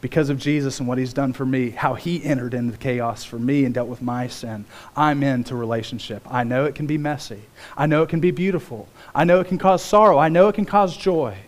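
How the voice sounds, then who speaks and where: A man preaching a sermon as pastor, telling stories in an animated way with big swings in pitch. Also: brisk, hardly any pauses.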